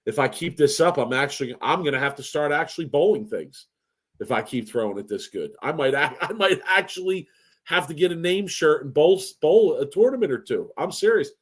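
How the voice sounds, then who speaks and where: A man's voice: on the high side, lively intonation, a little fast. Boastful, joking bowling podcast man. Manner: boastful, playful trash talk. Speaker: podcast co-host. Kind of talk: casual chat.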